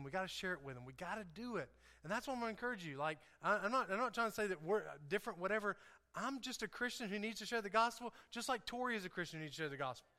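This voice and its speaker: A man preaching a sermon to his congregation, animated and asking the room questions. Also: high-pitched. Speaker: pastor. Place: church sanctuary. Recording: long hall reverb.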